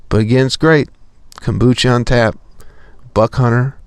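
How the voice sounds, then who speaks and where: A man's voice: mid-range voice, fairly even intonation, moderate pace, clean tone, no room sound. A young man telling a profane, exasperated story as a podcast host in a casual comedic rant.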